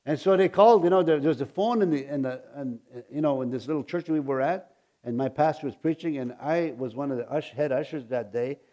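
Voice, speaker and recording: A man, a pastor, telling a personal testimony in a rambling, halting way, with many restarts and chuckles. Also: on the high side, dark tone. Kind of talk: testimony storytelling.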